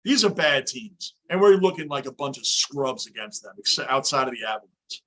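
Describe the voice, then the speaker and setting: A man's voice: mid-range voice, animated, moderate pace, fairly bright tone, husky. A man hosting a live sports reaction stream from his home basement, ranting intensely as a frustrated fan. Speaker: livestream host.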